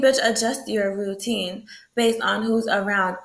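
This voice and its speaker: A woman's voice: mid-range voice, steady tone, measured pace, creaky. A woman ranting in a late-night video, heated and full of profanity, breaking into laughs. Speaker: vlogger. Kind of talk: late-night rant to camera.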